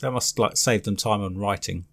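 A man's voice: lowish voice, moderate pace, gravelly, a bit bright. A man co-hosting a podcast in casual chat, playful and jokey. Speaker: podcast co-host.

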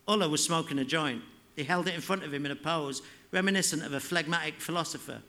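A man reading his fiction aloud at a live literary event, in a measured, unhurried way. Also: on the high side, pushed and bright. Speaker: author reading.

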